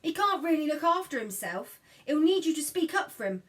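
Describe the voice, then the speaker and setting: A woman voicing a rough but loving countryside mother in a storybook reading. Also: high-pitched, very animated, a little fast, a bit bright, distant mic, voice pushed up. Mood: earnest.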